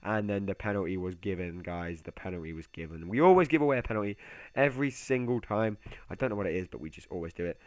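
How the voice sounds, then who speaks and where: Young male gaming commentator, low voice, chatty and excitable, dry close-mic sound. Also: fast, no room sound. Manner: chatty, excitable, swings to muttered asides. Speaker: gaming YouTuber. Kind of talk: casual gameplay commentary.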